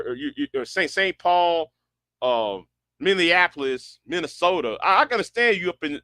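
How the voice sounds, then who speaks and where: A man's voice: on the high side, bright, forceful tone, no room sound, studio quality. A man delivering a sarcastic, incredulous rant as an online commentator, often repeating himself. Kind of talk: ranting commentary.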